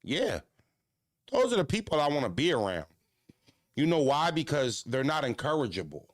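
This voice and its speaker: A man hosting a casual podcast, ranting bluntly with profanity, jumping into animated voices and stuttering restarts. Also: a little high, moderate pace, no room sound. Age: adult. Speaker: podcast host.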